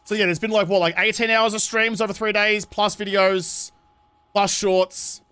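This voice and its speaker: A man's voice: high voice, flat delivery, normal speed, pushed and bright, clean tone. A young Australian man streaming a game, chatty and jokey, his voice worn and tired. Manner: chatty, jokey, self-mocking. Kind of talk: casual live-stream chat.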